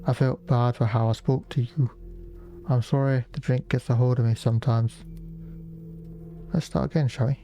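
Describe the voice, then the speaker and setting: Man voicing a drunk old villager, folksy, wheedling, dark voice, soft music behind. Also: mid-range voice, steady tone, normal speed, long pauses, close to an everyday voice. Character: drunken old male villager, gruff and cadging.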